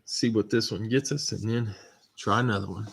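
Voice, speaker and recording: A man hosting a live stream, steadily reading out viewer names and teams with relaxed asides. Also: lowish voice, moderate pace, creaky, very noisy. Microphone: computer mic on a live stream.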